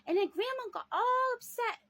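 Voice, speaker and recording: Woman doing a squeaky childlike old lady. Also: normal speed, no echo, heavily acted. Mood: chattering. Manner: squeaky, high, excitable. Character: elderly woman's childlike alter ego, confused.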